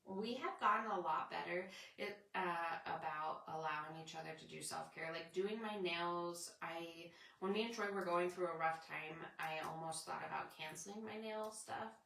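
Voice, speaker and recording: A woman's voice: lowish voice, normal speed, gravelly, fairly bright tone, reverberant, distant mic, a little hiss or hum. A woman hosting a casual, rambling spiritual chat with her viewers. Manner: rambling, chatty, reads out viewer comments. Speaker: spiritual livestream host.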